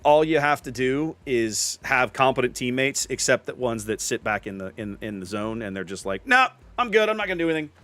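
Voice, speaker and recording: A man's voice: medium pitch, a bit bright, no room sound. A man streaming a game, chatting casually with his viewers in a rambling, self-interrupting way. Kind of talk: casual gameplay commentary with chat.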